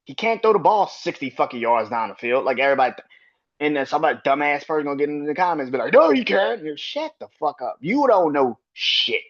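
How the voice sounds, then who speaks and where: Man, sports podcast host, heated profane rant, pitch swinging wildly, dull lo-fi recording. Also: sing-song, fast, a bit bright. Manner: emphatic, argues with imagined critics.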